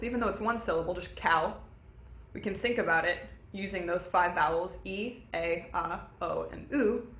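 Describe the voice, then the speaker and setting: A young woman voice teacher giving an online singing lesson, explaining technique in an upbeat way and singing short warm-up demos. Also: fairly low pitch, roomy sound. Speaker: voice instructor.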